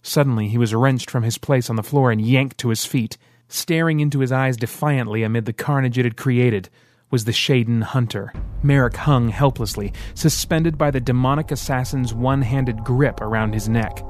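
A man narrating an audiobook in a steady, dramatic storytelling manner. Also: mid-range voice, moderate pace. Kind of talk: scripted narration.

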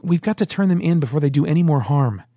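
A man reading an audiobook, voicing a young woman who argues, then pleads in fear, in a raised emotional pitch. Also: expressive, quick pace, warm tone, no echo, clean studio sound. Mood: bitter, pleading.

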